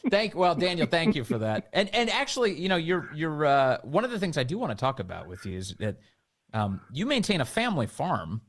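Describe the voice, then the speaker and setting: A man's voice: a little high, a little fast. Sarcastic male talk radio host. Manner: sarcastic, amused, lively. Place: radio studio. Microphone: studio microphone.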